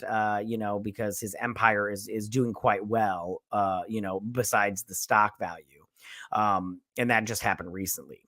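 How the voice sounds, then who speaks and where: A man's voice: mid-range voice, pushed and bright, no echo. A male host giving a casual, enthusiastic episode review, rambling and swearing freely.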